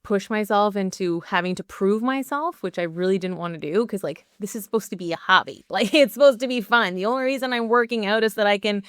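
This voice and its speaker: Young adult woman podcast host, chatty and candid, smooth crisp tone, dry close sound. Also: mid-range voice, quick pace, hardly any pauses, dry recording. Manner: chatty, candid storytelling with many "like" fillers. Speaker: podcast host and performance coach. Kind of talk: solo podcast monologue.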